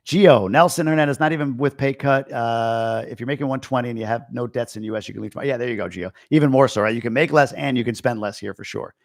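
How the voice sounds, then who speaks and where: A man's voice: medium pitch, fast talker, hardly any pauses, no echo, studio quality. An American man from Long Island hosting a casual live-stream, reading out viewer comments and answering them in a blunt, opinionated way. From Long Island, New York, USA. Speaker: host answering viewer questions.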